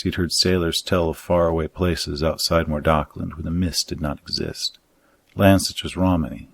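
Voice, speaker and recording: A man reading his own dark fantasy story aloud in a measured, even audiobook narration. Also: low-pitched, dry recording, studio quality.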